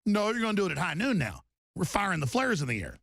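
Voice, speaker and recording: A man's voice: sits high, wildly swooping pitch, fast, gravelly, fairly bright tone, husky, no echo. A man hosting a political talk radio show, ranting emphatically and restarting his sentences over and over. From Texas.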